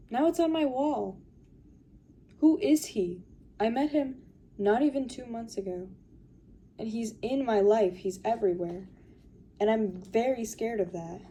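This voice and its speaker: A woman's voice: mid-range voice, unhurried, pauses often, warm tone, slightly rough. A young woman talking in a casual confessional vlog, rambling with lots of fillers and sounding tired while she sorts through her makeup and purse. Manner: rambling, filler-heavy, weary. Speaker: vlogger.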